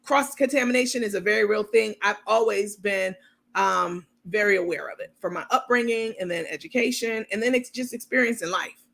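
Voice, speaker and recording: A university-educated adult woman with a New York accent hosts a commentary channel, rambling chattily in a casual livestream style and reading viewer comments aloud. Her mid-range voice moves fairly quickly, with a creaky texture and a fairly bright tone.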